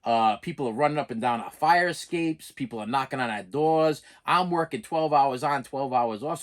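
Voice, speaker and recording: A middle-aged man telling a personal story to his channel, plain-spoken and emphatic, rambling, repeating phrases and restarting his sentences. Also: mid-range voice. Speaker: channel host.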